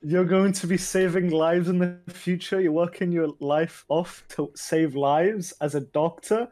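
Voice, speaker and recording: A man's voice: sits high, steady tone, measured pace, dark tone. A young man co-hosting a podcast, chiming in with teasing jokes in casual chat. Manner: teasing, joking interjections. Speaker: podcast co-host.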